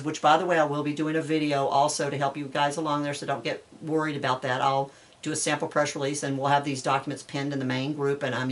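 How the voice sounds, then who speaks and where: A woman's voice: sits low, fairly bright tone. A woman talking to her supporters in an advocacy vlog, earnest and urging, with a heartfelt way of speaking. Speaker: animal welfare advocate. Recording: voice a bit distant from mic.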